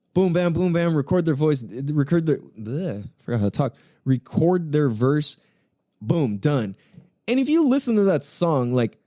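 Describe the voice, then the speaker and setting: A man's voice: fairly high pitch, warm tone, no echo, studio quality. A young man hosting a podcast, telling music stories in a loose, profane, enthusiastic way with lots of slang and laughter. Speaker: podcast host. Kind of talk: casual solo podcast talk.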